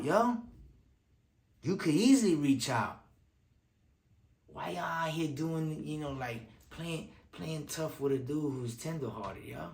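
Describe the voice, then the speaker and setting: Streetwise man in an echoey room. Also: fairly high pitch. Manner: streetwise slang, repeats lines for emphasis. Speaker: commentator. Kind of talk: casual video commentary.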